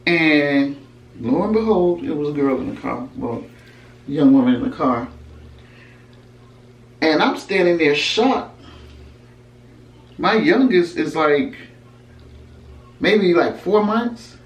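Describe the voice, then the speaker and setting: A woman's voice: low voice, expressive, slow, long pauses. A woman recounting a personal story in a storytime vlog, talking emphatically and conversationally. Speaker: vlogger telling a personal story. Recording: roomy echo, mic at a distance, faint background hum.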